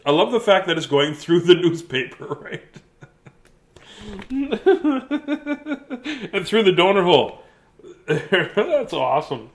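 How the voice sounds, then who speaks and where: A man's voice: on the high side, expressive, normal speed. Playful man reading picture books. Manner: playful, silly, laughing, chatty asides. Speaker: children's book reader.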